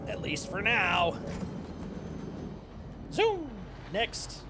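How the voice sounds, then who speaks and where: A man's voice: on the high side, animated, brisk. A young man streaming a game, chatting casually with playful, jokey asides. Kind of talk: casual gameplay commentary. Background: game music.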